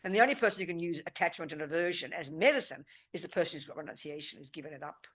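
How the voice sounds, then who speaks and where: A woman leads a Buddhist retreat session in a bright, forceful voice. She speaks emphatically and directly, and often breaks off to ask whether her listeners understand. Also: low voice, rapid-fire. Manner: emphatic and forthright, often checking "do you understand?". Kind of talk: live dharma teaching with questions and answers. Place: meditation center teaching room.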